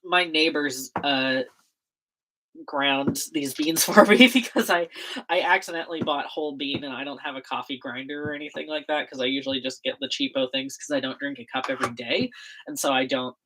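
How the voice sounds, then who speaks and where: Low-voiced woman rambling on a livestream. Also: steady tone, a little fast, fairly bright tone, low-quality recording. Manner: rambling, laughs often, lots of fillers and self-corrections. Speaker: livestreaming zine maker. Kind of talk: casual rambling livestream chat.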